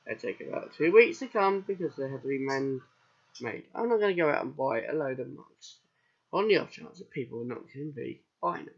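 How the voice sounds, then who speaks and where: A man's voice: mid-range voice, animated, fairly quick, dull audio. A British man with a sore throat, chatting casually through a farming game as its host, rambling and answering his own questions. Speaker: let's play host.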